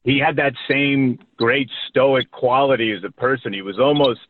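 A man from New York, a guest in a casual interview, recalling the past with halting restarts and fond asides. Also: medium pitch. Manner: rambling, halting, full of restarts and warm recollection. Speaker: guest recalling a childhood acting career. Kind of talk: casual interview over a call. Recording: tinny phone-like line.

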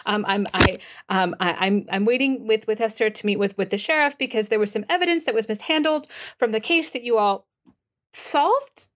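A woman's voice: on the high side, lightly acted. Woman doing a stammering nervous prosecutor. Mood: flustered. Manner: halting, stuttering, flustered. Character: nervous stammering woman district attorney in her forties. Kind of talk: tabletop role-play.

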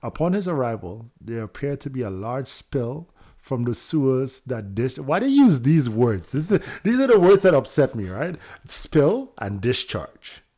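A man's voice: mid-range voice, very animated, normal speed, mellow. A young man from Toronto hosting a casual podcast, loose and slangy, laughing as he talks. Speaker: podcast host.

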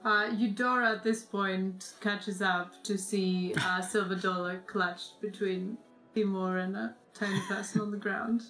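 A woman narrating as game master of a tabletop role-playing game, calm and unhurried, with frequent ums. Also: medium pitch, echoey room, faint music behind, low-quality recording.

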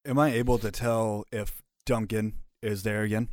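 A man's voice: on the low side, steady tone, normal speed, dry recording. Casual man playing a tabletop game. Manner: casual, hesitant, with restarts. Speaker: player.

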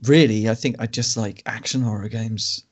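A man hosting a games podcast, talking in an easygoing way and thinking out loud. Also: lowish voice, fairly even intonation, normal speed, husky. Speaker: podcast host. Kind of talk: casual chat.

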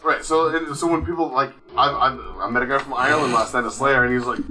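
A man's voice: medium pitch, steady tone, fast, gravelly, sharp tone, far from the mic, rough recording. A man co-hosting a rowdy podcast in a basement during a party, telling stories with a lot of swearing. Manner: swearing, storytelling with acted-out quotes. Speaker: podcast co-host. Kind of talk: rowdy casual chat.

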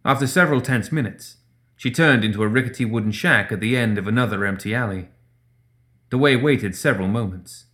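An audiobook narrator, a man with a voice a bit lower than most, tells a story with a steady, measured delivery. He reads each line at an even, composed pace.

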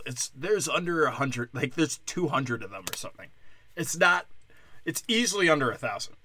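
A young man from Wisconsin hosting a comedy podcast, delivering a crude, mocking rant with big swings in loudness. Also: a little high, sing-song, fairly quick, a little hiss or hum. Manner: brash, crude, mocking, loud swings in volume. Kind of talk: profane ranting monologue.

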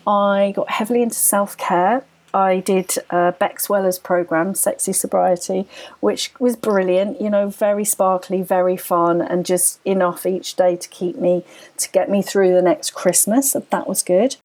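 A woman's voice: medium pitch, flat delivery, measured pace, a little mellow, rough recording. A woman, a podcast guest, earnestly telling a personal story in tumbling phrases full of restarts.

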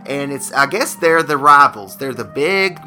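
A man hosting, quick and teasing with deadpan jokes in comedy banter. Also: mid-range voice, soft background music.

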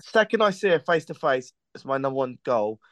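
A man's voice: mid-range voice, big pitch swings, fairly quick, a bit bright, no echo. A man hosting a podcast, chatting casually and joking in a rambling, friendly way. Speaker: podcast host.

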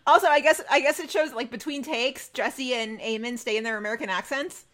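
A woman's voice: fairly high pitch, a little fast, fairly bright tone. A young woman co-hosting a fan podcast, chatting casually and gushing with enthusiasm. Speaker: podcast co-host.

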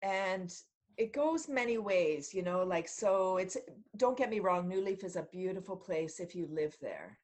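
A woman's voice: fairly low pitch, very animated, a little slow, darkish tone. A middle-aged woman from Canada talks as a podcast guest. She tells her stories casually and with a lot of life, laughs often, and acts out other people's lines with plenty of expression. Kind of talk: casual storytelling in an interview.

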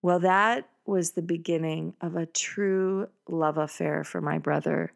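A middle-aged woman telling a personal story in a casual, animated way, with many fillers and excited bursts. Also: lowish voice, a little slow, gravelly.

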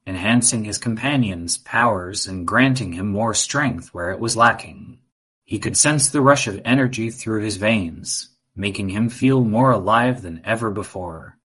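A man narrating a children's adventure story in an even, measured reading. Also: on the low side, slightly rough.

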